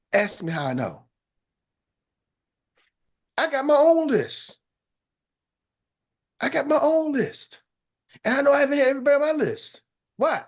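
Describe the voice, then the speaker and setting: A man giving a motivational talk as a business coach, blunt and colloquial, repeating phrases for emphasis. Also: fairly high pitch.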